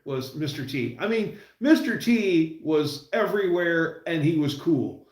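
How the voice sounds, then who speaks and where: Livestream host, male, gravelly and casual, rambling storyteller, roomy echo. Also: a little high, expressive. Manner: rambling, storytelling, puts on quick voices for quotes.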